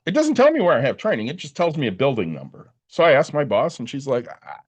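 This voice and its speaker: This podcast co-host has a mid-range voice and a quick pace. Tired from too little sleep, he tells a long story in casual chat, swearing freely and animatedly acting out other people's lines.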